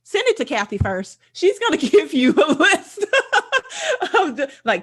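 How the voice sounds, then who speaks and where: A woman's voice: high voice, huge pitch swings, unhurried. A middle-aged woman hosting a casual chat, telling stories with lots of laughter. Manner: laughing, chatty storyteller. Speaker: host.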